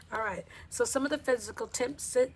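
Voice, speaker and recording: A woman's voice: on the high side, a little slow, a little hiss or hum. A woman vlogger talking casually to camera, chatty and playful. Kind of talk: casual talk to camera with skits.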